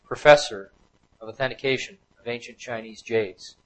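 A man's voice: mid-range voice, moderate pace, rough recording. Man, lecturer, slide talk to an audience, emphatic, repeats himself, mid-range voice. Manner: emphatic, repeats points over and over.

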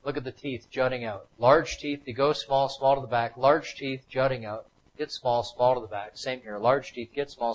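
A man lectures to a live audience through a series of slides, hammering home each point by repeating it. His voice sits in an ordinary middle pitch, and his delivery is emphatic and insistent. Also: poor audio.

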